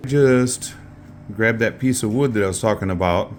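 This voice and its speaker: A man runs a casual craft how-to, chatting and rambling, with lots of ums and uhs as he works. He is the craft channel host, with a fairly low voice at a normal speed. His distance from the camera mic varies as he moves, and there's slight background noise.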